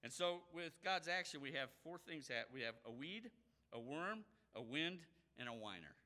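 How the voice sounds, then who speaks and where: In a lively sermon, a male preacher imitates the voices he cites. His pitch is a little high, and he talks at an ordinary pace.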